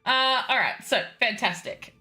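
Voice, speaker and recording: A woman's voice: fairly high pitch, measured pace, bright, forceful tone. A woman running a tabletop game on stream as game master, chatty and giggly, switching between casual asides and narration.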